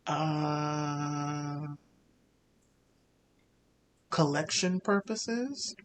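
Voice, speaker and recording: A man's voice: a little high, drawn-out words. A man voicing a creepy young male anime-obsessed customer who talks in a mumbled, rambling way. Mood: mumbling.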